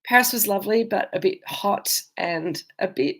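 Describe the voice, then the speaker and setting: Speaking at a normal speed in a mid-range, fairly bright voice, an Australian woman hosts a live virtual wine tasting from indoors while travelling. She chats casually, answering viewer comments and rambling with lots of ums and restarts.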